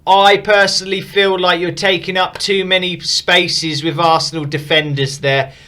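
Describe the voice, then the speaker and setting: A man's voice: high-pitched, flat delivery, normal speed, sharp tone. A man casually reviewing and rating viewers' fantasy football teams, frank and opinionated but upbeat. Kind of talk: casual commentary.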